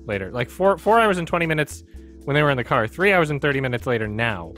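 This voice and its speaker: A man's voice: mid-range voice, quick pace, faint music behind. A man streaming a video game, chatting casually and swearing freely. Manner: animated, loose, swears freely. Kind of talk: casual let's-play chat.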